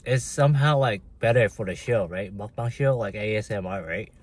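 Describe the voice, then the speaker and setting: A man's voice: on the low side, normal speed, slight background noise. A man hosting a casual livestream, chatting with viewers and reading their comments aloud while he eats, laughing often. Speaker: livestream host.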